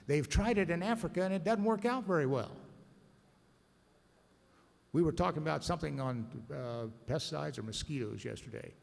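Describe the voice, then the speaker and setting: A man's voice: fairly high pitch, moderate pace, creaky, long pauses, darkish tone. A man, an agricultural lawyer, giving a blunt, combative, sardonic conference speech to a room of listeners. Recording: reverberant conference hall.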